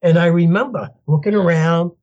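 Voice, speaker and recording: An older man, a podcast guest telling his story in an animated way and laughing as he goes. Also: on the high side, moderate pace, lo-fi sound. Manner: animated, laughs as he tells stories, acts out voices in quotes. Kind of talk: storytelling interview.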